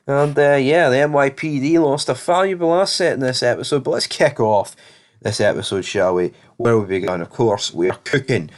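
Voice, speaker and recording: A man's voice: mid-range voice, moderate pace. A man recapping a TV episode in a casual, opinionated way, with blunt, sarcastic asides. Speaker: TV series reviewer.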